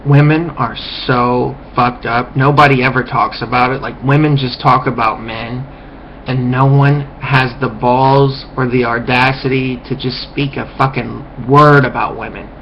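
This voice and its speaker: A man rambles through a contemptuous rant at a slow, dragging pace, stumbling and restarting his phrases. His voice sits at an average pitch. The recording is dull and lo-fi with a faint background hiss. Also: steady tone. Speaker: vlogger. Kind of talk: ranting monologue.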